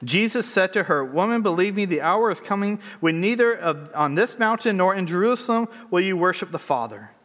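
A man's voice: high-pitched, lively intonation, fairly quick, hardly any pauses, fairly bright tone. A man preaching a sermon, reading scripture aloud and then unpacking it with conversational asides and rhetorical questions. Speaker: pastor. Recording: long hall reverb.

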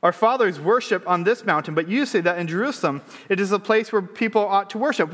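A man's voice: high voice, fast talker, hardly any pauses, fairly bright tone. A man preaching a sermon, reading scripture aloud and then unpacking it with conversational asides and rhetorical questions. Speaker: pastor. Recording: long hall reverb.

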